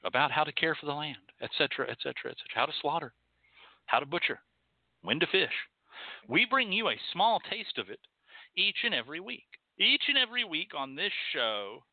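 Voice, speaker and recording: A man's voice: on the high side, no room sound. A man hosting a show, ranting in a profane, sarcastic, emphatic way. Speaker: podcast host teaching folk magic. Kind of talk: ranting monologue. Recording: tinny, phone-like, dry.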